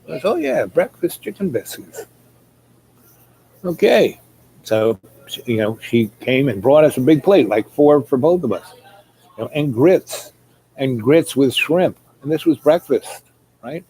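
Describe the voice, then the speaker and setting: A man's voice: medium pitch, lively intonation, unhurried, warm tone, breathy edge, poor audio. A man telling a long rambling story, full of fillers, who acts out the people he quotes. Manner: meandering, many fillers, acts out quoted voices.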